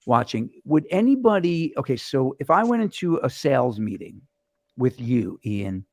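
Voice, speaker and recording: A man hosting a casual show, telling stories in an animated, rambling and profane way into a camera setup. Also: mid-range voice, normal speed, no echo. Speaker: host. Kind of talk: casual chat. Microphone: webcam or phone camera mic.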